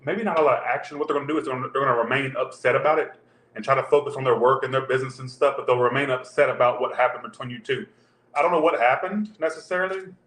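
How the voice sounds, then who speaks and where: A man's voice: medium pitch, rapid-fire, a bit bright. Man giving a rambling tarot reading. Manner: loose, rambling, talks straight to viewers. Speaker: tarot reader. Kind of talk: casual tarot reading for viewers. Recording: roomy echo with faint background hum.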